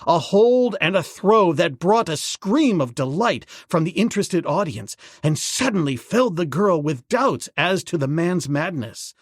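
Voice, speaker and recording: A man narrating an adventure audiobook in a dramatic, measured way. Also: high voice, animated, no echo, studio quality.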